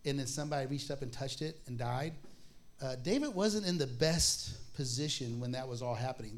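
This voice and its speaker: A man, probably a pastor, teaching a Bible study in a relaxed, conversational way, reading scripture slowly and acting out voices in his stories. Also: medium pitch. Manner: conversational, acts out voices in stories, laughs often; reads scripture aloud slowly.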